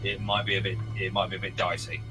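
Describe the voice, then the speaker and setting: Low-voiced game master. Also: male voice, completely flat delivery, fast, low-quality recording. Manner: rambling, filler-heavy narration. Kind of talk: narrating a tabletop game. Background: background music.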